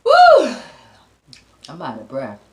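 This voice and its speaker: A woman's voice: sits low, animated, a little slow, darkish tone, slight background noise. A woman vlogger talking to her viewers between bites of food, humming and chewing as she chats playfully. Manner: addresses viewers directly and playfully. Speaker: mukbang vlogger. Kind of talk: casual eating show chat. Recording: roomy echo.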